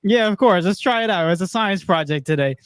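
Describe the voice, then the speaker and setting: Upbeat high-voiced male podcast host. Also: animated, brisk, clear, resonant tone, no echo. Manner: upbeat, laughs often, talks to the chat. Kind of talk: casual sports chat on a livestream.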